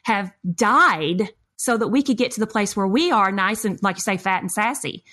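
A middle-aged woman telling a story in an animated, expressive way. She acts out the people she quotes with big leaps in her voice. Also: medium pitch, moderate pace.

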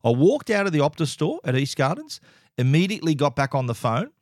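A man's voice: on the high side, very animated, brisk, darkish tone, no room sound, studio quality. A middle-aged Australian man telling a story in a casual, exasperated and emphatic way, with frequent restarts.

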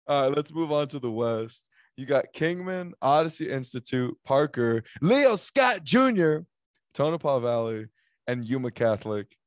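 A man's voice: medium pitch, normal speed, a little mellow, clean tone, dry recording, studio quality. A man hosting a casual sports chat, joking and rambling with lots of fillers as he runs through picks. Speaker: sports podcast host.

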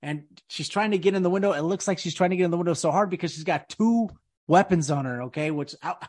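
A man's voice: sits high, fast, a little mellow. A man hosting a casual podcast, rambling and emphatic, peppering his talk with dude and man. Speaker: podcast host. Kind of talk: casual conspiracy podcast chat.

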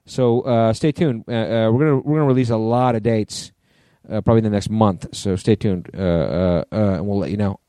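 A man co-hosting a podcast in casual chat, a little hoarse, reading out listener questions. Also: on the low side, a little fast, warm tone, no echo, studio quality. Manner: chatty, reads listener questions. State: hoarse, clearing throat. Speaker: podcast co-host.

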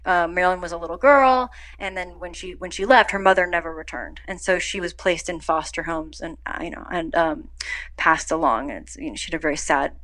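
Bright-voiced woman, animated storyteller. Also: a little fast. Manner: animated storytelling, acts out quotes with big pitch jumps. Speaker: actor guest. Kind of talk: casual interview chat.

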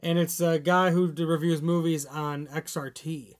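A man's voice: on the high side, flat delivery, normal speed, slight background noise. A man from Chicago co-hosting a casual podcast, easygoing and rambling when he tells a story. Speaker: podcast co-host. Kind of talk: casual chat.

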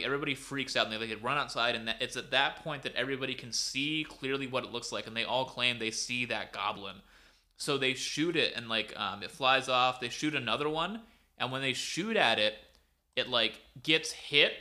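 Very bright-voiced man telling a story. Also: medium pitch. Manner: rambling, filler-heavy. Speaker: podcast co-host. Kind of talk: casual storytelling.

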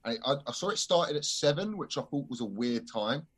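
Animated comedian, swearing freely. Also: male voice, mid-range voice, brisk, breathy edge. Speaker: stand-up comedian guest. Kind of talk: casual podcast chat, storytelling.

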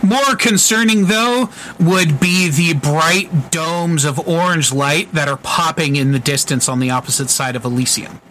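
A man's voice: on the high side, unhurried, hardly any pauses, pushed and bright, a little hiss or hum, poor audio. A man narrating as game master of a tabletop game, loose and full of fillers. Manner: loose, filler-heavy descriptions with profanity.

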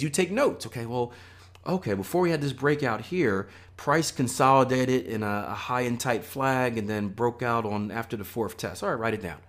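A man hosting a solo trading podcast, talking in an animated, motivational way and acting out voices when he quotes people. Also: a little high. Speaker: podcast host and trading coach.

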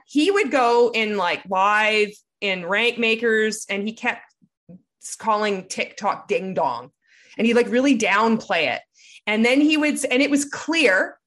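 A woman telling her story candidly in an interview, swearing freely and growing heated and animated. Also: on the high side.

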